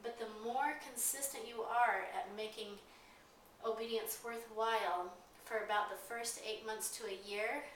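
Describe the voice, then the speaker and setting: A woman's voice: fairly high pitch, steady tone, a little slow, fairly bright tone. A woman dog trainer explaining obedience commands, moving between firm authoritative and chipper upbeat tones. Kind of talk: instructional demonstration. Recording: very echoey, distant mic, clear ambient noise.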